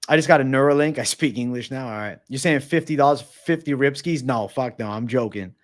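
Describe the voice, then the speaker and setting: A man hosting a livestream Q&A, reading viewer messages aloud and answering in a loose, joking, profane way, often trailing off low and quiet at the ends of his answers. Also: a little fast. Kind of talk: casual livestream Q&A.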